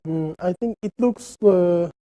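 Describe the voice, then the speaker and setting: Dark-voiced, hesitant student. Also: female voice, on the low side, slow pace, low-quality recording. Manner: hesitant, with fillers.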